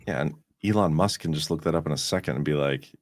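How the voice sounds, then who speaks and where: A man's voice: rumbling low, quick pace, no room sound, clean studio sound. A man co-hosting a podcast in casual, rambling, profane chat. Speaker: podcast co-host.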